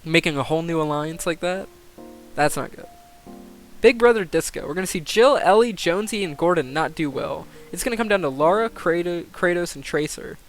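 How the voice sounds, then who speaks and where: A young man commentating a game simulation on a live stream, excitable, swearing and thinking aloud. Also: on the high side, brisk, faint music behind.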